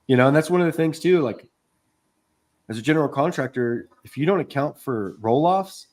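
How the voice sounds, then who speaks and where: A man's voice: a little high, animated, fairly quick, darkish tone. Rambling, cussing contractor guy. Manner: rambling storytelling, swears a lot, acts out quotes. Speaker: podcast co-host, contractor. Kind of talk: casual chat.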